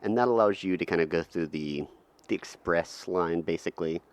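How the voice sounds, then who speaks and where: A man co-hosting a podcast, laying out topics in a relaxed, methodical way. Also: deep voice, moderate pace. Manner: relaxed, methodical, lays out segments. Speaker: podcast co-host. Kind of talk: casual chat.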